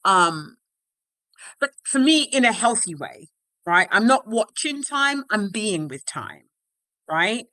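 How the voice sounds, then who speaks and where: Chatty woman with a bright voice. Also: mid-range voice, sing-song, slow pace, pauses often, dry recording. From London, England. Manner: chatty, frequent "right?" and "you know" tags. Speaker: life coach guest. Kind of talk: casual interview chat. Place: home office.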